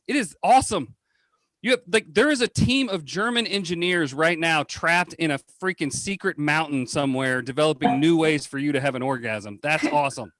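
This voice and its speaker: A man's voice: a little high, normal speed, a bit bright, no room sound. Brash, profane male stand-up comic. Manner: brash, profane, punchy delivery. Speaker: stand-up comedian. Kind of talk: stand-up routine. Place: home over a video call. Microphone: computer or phone mic on a video call.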